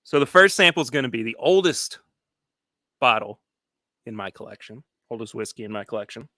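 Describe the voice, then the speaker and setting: A man's voice: mid-range voice, animated, brisk, bright, forceful tone, no room sound. A man hosting a casual live stream from his home studio, rambling, restarting his sentences and reading viewer comments aloud. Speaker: podcast host.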